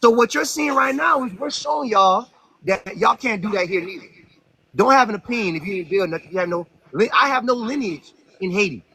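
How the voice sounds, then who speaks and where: Loud, raspy, high-voiced man ranting. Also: animated, a little fast, rough recording. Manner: aggressive, interrupting, loud rants. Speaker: host. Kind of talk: heated debate on a live stream.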